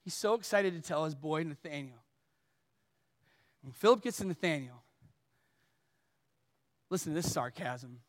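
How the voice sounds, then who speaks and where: A man preaching a sermon, animated, swinging between loud emphatic lines and soft low ones. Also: a little slow, pauses often. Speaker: pastor. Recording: long hall reverb.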